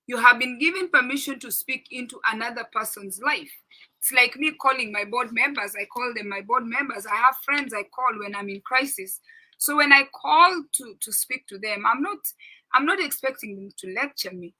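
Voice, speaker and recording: A middle-aged woman with a very bright, sharp tone and a slightly high voice talks through a parenting book. She is earnest and instructive, repeats key points for emphasis and checks in with her listeners. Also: moderate pace, poor audio. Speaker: parenting talk host. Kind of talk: informal talk discussing a parenting book.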